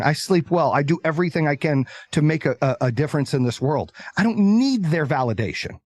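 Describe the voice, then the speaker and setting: Blunt, animated male entrepreneur. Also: on the high side, no room sound. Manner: animated storyteller, acts out quoted voices; confident, blunt. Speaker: entrepreneur guest. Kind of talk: casual interview chat.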